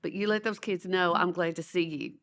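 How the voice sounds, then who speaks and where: A woman's voice: lowish voice, steady tone, a little fast, fairly bright tone. A woman educator, telling stories animatedly in a podcast interview and acting out the voices of the people she quotes. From Louisiana, USA. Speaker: educator and author, guest. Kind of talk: conversational storytelling.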